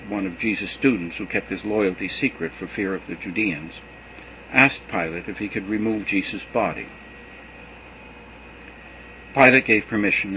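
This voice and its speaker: A man giving an expressive, dramatic reading of scripture. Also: fairly low pitch, a little hiss or hum, poor audio. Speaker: scripture reader.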